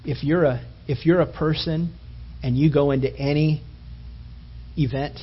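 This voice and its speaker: A male preacher delivering a sermon as animated storytelling that builds to emphatic peaks. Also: mid-range voice, moderate pace, pauses often, breathy edge. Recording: dull lo-fi recording.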